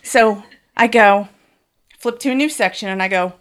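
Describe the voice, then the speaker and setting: A woman's voice: mid-range voice, moderate pace, long pauses, fairly bright tone. A woman frankly telling a bawdy, comic first-person story.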